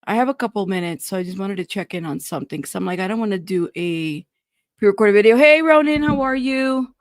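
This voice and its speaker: A woman's voice: mid-range voice, expressive, fairly quick, no echo, clean studio sound. A woman hosting a casual live stream, upset and a bit scattered as she greets viewers and fumbles with her screen.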